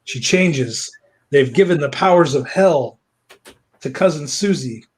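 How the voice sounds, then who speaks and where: A man's voice: fairly high pitch, expressive, a little slow, breathy edge. A man casually retelling a plot as a reviewer, rambling and swearing with many fillers. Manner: rambling, profane, lots of fillers.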